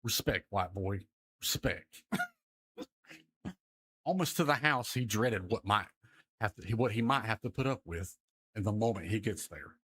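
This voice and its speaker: A man rambles through an improvised comic tale in a mock-dramatic way and keeps breaking into giggles. His voice is slightly husky and very animated in pitch. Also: a little slow, long pauses.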